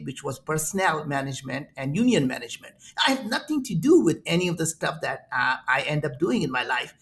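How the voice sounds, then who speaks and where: A man in his sixties from India with an Indian accent, a guest telling animated stories in an interview. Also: fairly high pitch. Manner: animated, acts out quoted voices in his stories. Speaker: entrepreneur guest. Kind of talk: storytelling in an interview.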